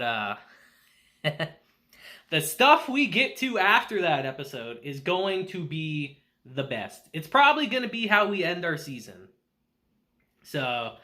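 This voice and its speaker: A man reviewing an anime episode in casual, excitable chat, laughing often. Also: a little high.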